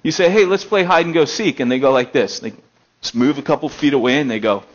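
A male pastor preaching a conversational sermon, moving between emphatic raised passages and low, quiet stretches. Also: quick pace, muffled recording. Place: elementary school meeting hall.

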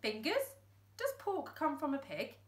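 Woman doing a squeaky dim-witted crook. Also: wildly swooping pitch, moderate pace, fairly bright tone. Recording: roomy echo.

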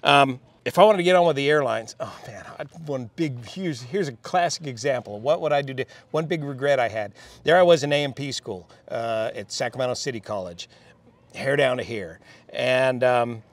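Older man telling pilot stories, measured. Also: medium pitch. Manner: reflective, measured, with restarts. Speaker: interview guest, airline pilot. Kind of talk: relaxed storytelling.

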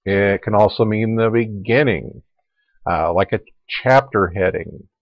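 Male Latin teacher, low voice, relaxed lecture delivery, dry recording. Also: unhurried, no echo, highs cut off. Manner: relaxed explaining, repeating forms aloud.

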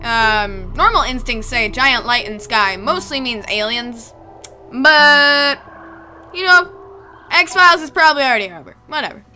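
Excitable woman gamer squealing and gasping, unhurried pace, game music behind. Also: fairly high pitch. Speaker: let's play gamer. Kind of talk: video game play commentary.

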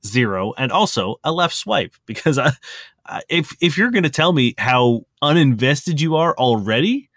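A man's voice: medium pitch, very animated, moderate pace, fairly bright tone, dry recording, clean studio sound. A man co-hosting a podcast in casual chat, talking emphatically and laughing easily. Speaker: podcast co-host.

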